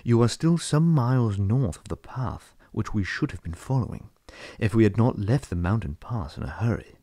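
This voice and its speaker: A man voicing an old male wizard, measured and testy, lecturing his companions. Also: lowish voice, expressive, dark tone, dry recording, studio quality. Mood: grave.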